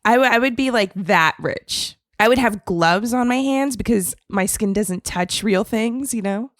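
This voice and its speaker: A woman's voice: a little high, a little slow, no room sound, clean studio sound. Giggly woman co-hosting a podcast. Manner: giggly and rambling. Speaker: podcast co-host. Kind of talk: casual podcast chat.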